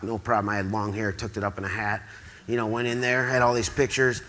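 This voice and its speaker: A fairly low-voiced man talks fast as he spins a rambling story before a live theatre audience at an awards event. He comes from the Quad Cities in the US Midwest, stays excitable throughout, and acts out the dialogue he quotes.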